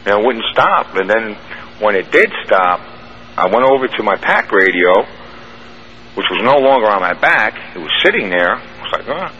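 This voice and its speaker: A guest caller on a radio broadcast recounts a personal experience in a long, plainspoken, rambling story, restarting his sentences along the way. His lowish voice swings widely in pitch at normal speed, sounding pushed and bright through muffled audio with faint hiss.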